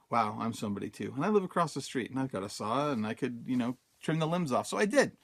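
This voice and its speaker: A man's voice: mid-range voice, very animated, a little fast. Guy from utah telling a story on his podcast, laid back, lots of ums, acts out what he was thinking. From Utah, USA. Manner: conversational, many fillers, acts out his own quoted thoughts. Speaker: podcast host. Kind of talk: casual storytelling monologue.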